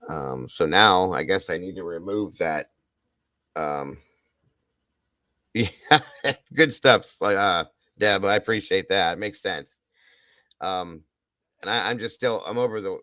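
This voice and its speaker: Livestream host, male, very low voice, gushing and heartfelt, close dry mic. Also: unhurried, long pauses, bright, forceful tone, dry recording. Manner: emotional, effusive, repeats thanks and praise. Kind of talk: casual livestream chat thanking viewers.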